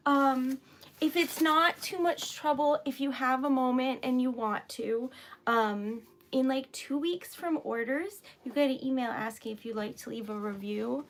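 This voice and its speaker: A woman's voice: high voice, unhurried. A woman hosting a casual craft livestream, chatting and giggling often as she greets viewers. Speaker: livestream host making wax seal stickers.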